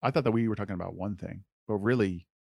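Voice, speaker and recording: A male co-host talks casually about mentoring teens, often saying "like" and letting his sentences trail off quietly. His voice sits low with a rough, gravelly grain. The sound is close and dry. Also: fast talker, no echo. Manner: relaxed and conversational, full of "like", trails off softly. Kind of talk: faith-based podcast chat.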